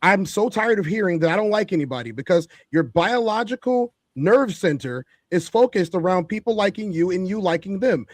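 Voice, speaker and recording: A man's voice: high-pitched, lively intonation, moderate pace, hardly any pauses, no room sound. A man co-hosting a talk show, giving opinionated commentary in an emphatic, preachy way and repeating his points for effect. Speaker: podcast co-host.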